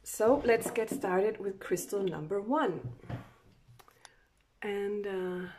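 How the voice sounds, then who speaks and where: A woman's voice: mid-range voice, slow pace, pauses often, heavy background noise. A woman doing a casual tarot reading to camera, chatty, with many fillers and restarts and frequent laughs. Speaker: tarot card reader.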